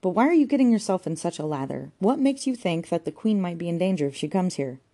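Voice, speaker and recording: Storybook: woman reading as a breezy, teasing housekeeper, mellow tone. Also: lowish voice, expressive, quick pace, pitched above the performer's own voice. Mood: cheeky.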